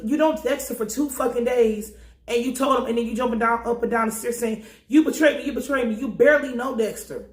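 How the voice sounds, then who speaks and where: A fairly high-voiced woman talks through a TV episode in a loose, profane recap, jumping into the characters' voices as she goes. Her speech is animated and blunt. The room around her rings with a noticeable echo. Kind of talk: casual recap commentary.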